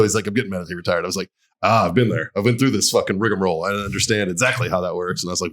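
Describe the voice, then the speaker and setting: A man's voice: on the low side, animated, quick pace, fairly bright tone. A man co-hosting a casual podcast, telling profane stories and often laughing. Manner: profane storytelling with frequent laughs. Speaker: podcast co-host. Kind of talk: casual chat.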